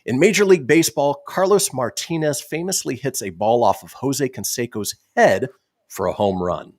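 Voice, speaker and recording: A man's voice: mid-range voice, normal speed, darkish tone, no room sound. A man hosting a comedy radio show, reading history facts with wry asides on a studio microphone. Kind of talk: casual comedy radio banter.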